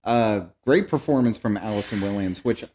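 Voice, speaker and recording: A man's voice: fairly low pitch, normal speed, a little mellow. A young man co-hosting a podcast, chatting casually about a movie and acting out lines from its scenes. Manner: laid-back, acts out lines from scenes. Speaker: podcast co-host. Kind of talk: casual movie review chat.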